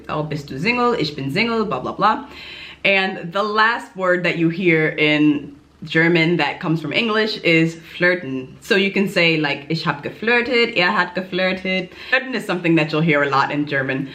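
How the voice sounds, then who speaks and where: A woman's voice: low-pitched, moderate pace, a bit bright. A young woman from New York talking casually to her viewers in a chatty, self-deprecating vlog. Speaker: YouTuber teaching German.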